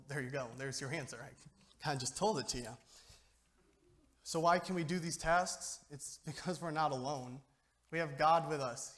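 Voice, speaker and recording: This young lay preacher has a slightly high, fairly bright voice. His youth sermon to the church is informal and full of jokes, and he keeps asking the audience "okay?"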